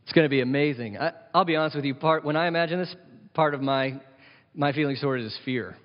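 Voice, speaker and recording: A man's voice: fairly high pitch, fast. A man preaching a sermon as pastor, earnest and conversational, lifting his voice for emphasis. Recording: dull sound with long hall reverb.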